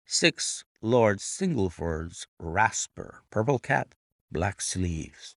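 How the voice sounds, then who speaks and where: A man narrating a classic detective story aloud with a deliberate, expressive reading. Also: fairly low pitch, no room sound, clean studio sound. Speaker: reader and annotator of classic stories.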